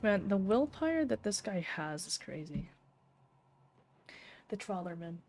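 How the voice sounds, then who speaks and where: A woman streamer giving relaxed, soft-spoken casual commentary while playing a game. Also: medium pitch, normal speed, slight background noise.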